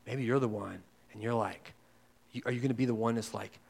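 A man preaching a sermon as pastor, talking straight to his listeners and swinging between loud and hushed. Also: mid-range voice, brisk, creaky. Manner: conversational, addresses listeners directly.

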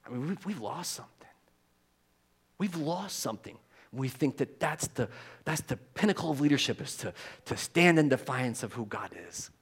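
A pastor giving a conversational sermon, informal, with restarts and repeated words, growing loud and animated when he stresses a point. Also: mid-range voice, moderate pace, breathy edge.

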